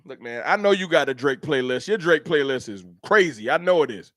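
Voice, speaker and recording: Animated trash-talking man on a livestream. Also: a little high, fairly quick, dry recording, studio quality. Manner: trash-talking, animated, reads chat aloud. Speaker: livestream host. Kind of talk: casual livestream sports banter.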